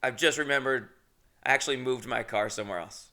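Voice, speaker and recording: A man's voice: medium pitch, fairly quick, sharp tone. A young adult man hosting a podcast, telling a rambling, comedic story about himself, swearing often and laughing at his own mishaps. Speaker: podcast host.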